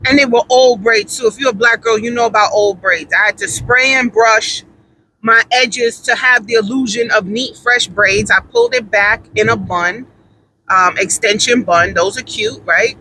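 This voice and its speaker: A woman's voice: fairly high pitch, normal speed, sharp tone, a little hiss or hum, low-quality recording. A woman telling a story in a casual monologue, emphatic and repeating her points for stress.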